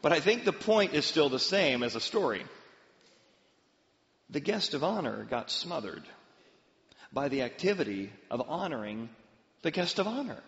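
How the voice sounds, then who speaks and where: A man's voice: on the high side, normal speed, creaky, long pauses, long reverb tail, lo-fi sound. A man preaching a sermon, telling stories and sometimes acting out the voices of the people in them. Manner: storytelling with lively acted-out voices. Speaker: pastor.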